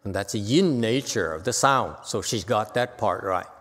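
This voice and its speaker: A man's voice: lowish voice, lively intonation, normal speed, fairly bright tone. An older man giving an unscripted dharma talk as a Buddhist teacher, blunt and exhorting, often checking in with "okay?". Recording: long reverb from a hall.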